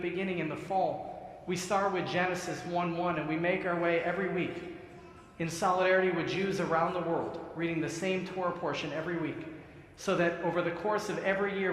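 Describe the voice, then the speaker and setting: Rabbi preaching in an echoey sanctuary. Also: male voice, on the high side, a bit bright. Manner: conversational storytelling with humor. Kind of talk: sermon. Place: synagogue sanctuary. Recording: echoey sanctuary with long reverb.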